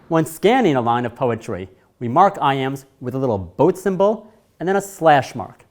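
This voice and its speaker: A man narrating a scripted lesson, speaking in a measured way and stressing key words. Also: medium pitch, darkish tone. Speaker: teacher.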